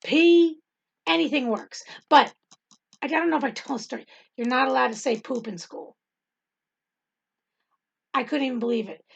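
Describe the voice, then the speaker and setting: A woman's voice: sits high, moderate pace, creaky, pauses often, husky, dull audio. A middle-aged woman telling a rambling testimony in casual talk, with many ums and frequent laughter. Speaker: Bible study host and teacher.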